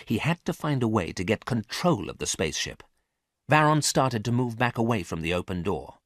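A man narrating a graded story for English learners, reading clearly and carefully. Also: on the low side, animated, normal speed, dry recording, studio quality.

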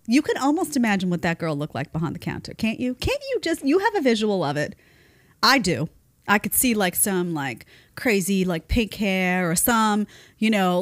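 A woman in her thirties hosting a casual commentary show, chatty and animated, laughing often. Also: medium pitch, no echo, studio quality. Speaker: host.

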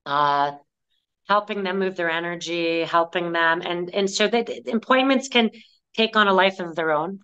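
A woman clairvoyant being interviewed, telling stories in a lively way and acting out the voices she quotes. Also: on the low side, smooth, dull audio. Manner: animated storyteller, acts out quoted voices. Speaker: clairvoyant guest. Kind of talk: conversational interview.

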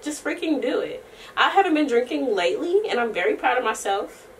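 A young woman talking to her camera in a loose, rambling vlog, full of slang and swearing and quick laughs. Her voice sits a little high and swings up and down freely as she talks. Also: sing-song, recorded from a distance, a little hiss or hum. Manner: chatty and rambling, slangy and profane, laughs often; breaks into soft singing. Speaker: vlogger. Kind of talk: casual chat to camera.

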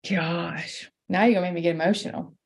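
A woman's voice: lowish voice, fairly even intonation, fairly quick, creaky, husky. A young adult woman, a pastor and podcast guest, telling a personal story in an earnest, heartfelt way. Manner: heartfelt, earnest, laughs through tears.

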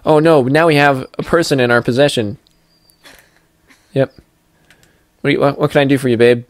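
A man's voice: medium pitch, fairly even intonation, moderate pace, dry recording. Chatty, goofy young man narrating his gameplay. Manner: chatty and goofy, with playful sing-song asides. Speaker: gameplay commentator. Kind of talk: casual let's-play commentary.

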